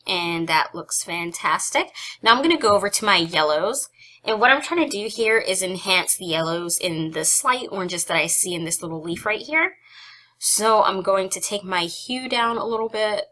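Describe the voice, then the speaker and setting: A young woman who hosts photography tutorials runs a casual software tutorial in a bright, clear, medium-pitched voice, animated and at normal speed. Chatty and giggly, she makes self-deprecating asides between steps and sounds slightly out of breath.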